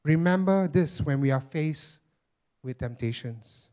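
A man's voice: fairly high pitch, measured pace, warm tone. A man pastor preaching a sermon emphatically, repeating phrases and calling his listeners friends.

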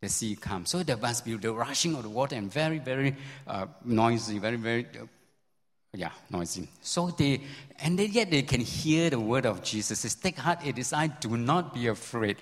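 Pastor, male, mid-pitched voice, animated storyteller with pitch swings; long hall reverb. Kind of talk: sermon.

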